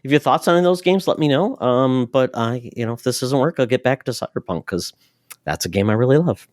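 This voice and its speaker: A man's voice: mid-range voice, lively intonation, brisk, darkish tone, dry recording, clean studio sound. A man co-hosting a gaming podcast, chatting casually and reading a sponsor spot. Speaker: podcast co-host.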